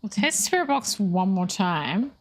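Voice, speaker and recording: A woman's voice: mid-range voice, very animated, unhurried. A woman streaming a ghost-hunting game, thinking aloud and questioning the ghost. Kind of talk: live gameplay commentary.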